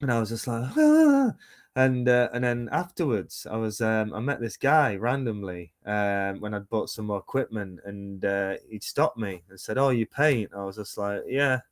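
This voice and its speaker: A man's voice: lowish voice, normal speed, hardly any pauses, no room sound, studio quality. A man in his thirties, a musician and painter, talking casually in an interview over a video call, rambling with many fillers and restarts. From United Kingdom. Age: 30s.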